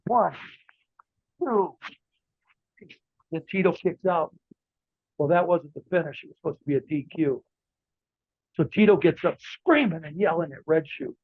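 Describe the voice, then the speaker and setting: A man's voice: on the high side, unhurried, long pauses, husky, no room sound. A man in his sixties, a former wrestler, tells rambling stories in a casual interview, with lots of fillers and restarts. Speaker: interview guest, former wrestler and ring announcer. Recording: tinny phone-like line, dry.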